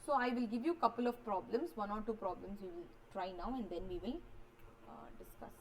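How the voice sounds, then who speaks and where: A woman's voice: mid-range voice, brisk, background noise. A woman, teaching a maths revision lecture and walking students through each step, often checking they follow. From India.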